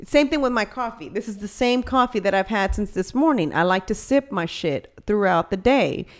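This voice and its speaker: A woman co-hosting a casual podcast, telling stories in a relaxed, conversational way. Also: mid-range voice, moderate pace. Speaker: podcast co-host. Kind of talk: casual chat.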